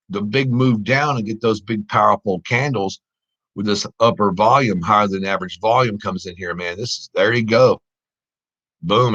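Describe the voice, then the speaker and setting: Excitable man on lo-fi stream audio. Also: fairly low pitch. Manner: exclaims and laughs often, talks to viewers as guys. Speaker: live trading stream host. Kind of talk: excited live commentary on trades.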